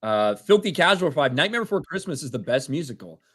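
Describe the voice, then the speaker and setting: A man's voice: a little high, big pitch swings, fast, a bit bright, husky. A man in his thirties co-hosting a casual livestream, reading out viewer donations and laughing along. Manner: reads names and messages, laughs often.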